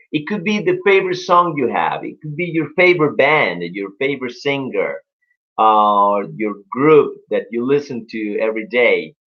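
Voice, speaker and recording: A young man gives an upbeat English lesson over a live stream, slowing down and drawing out the words he wants to stress. His voice sits in a middle pitch. The sound is a little dull and lo-fi. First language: Spanish. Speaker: English teacher.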